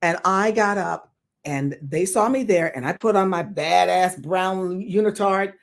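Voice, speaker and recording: Older lady guest telling a story, lowish voice, lively, swears, acts out the other people. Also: measured pace, creaky. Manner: animated, acts out the people in her stories, swears freely. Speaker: guest actress. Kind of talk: storytelling in an interview.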